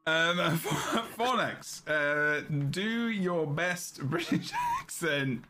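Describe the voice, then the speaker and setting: Teasing podcast host, man, higher voice. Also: huge pitch swings, drawn-out words, pushed and bright, slight background noise. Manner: laughing, teasing, steering the show. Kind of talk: casual live-streamed podcast chat.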